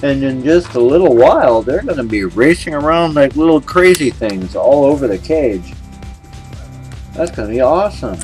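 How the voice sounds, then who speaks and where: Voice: mid-range voice, expressive, normal speed, a little mellow. A pet vlogger in their fifties, chatting casually and cooing playfully while narrating footage. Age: 50s. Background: background music.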